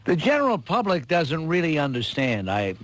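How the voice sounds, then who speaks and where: A man hosting a radio talk show, speaking in a measured, conversational way. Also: on the high side, wildly swooping pitch, fairly bright tone.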